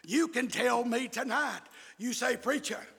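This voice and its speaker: A male preacher who preaches in bursts, shouting his emphatic lines, with many "uh" fillers. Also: very high-pitched, a little slow, creaky, breathy edge. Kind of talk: fiery sermon. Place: church. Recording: echoey hall with long reverb.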